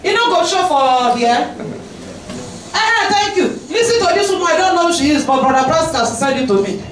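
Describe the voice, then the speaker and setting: Animated woman preaching in an echoey church. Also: high voice, fast. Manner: animated, shouting, laughing, switching into pidgin. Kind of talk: sermon. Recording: echoey church hall, distant mic.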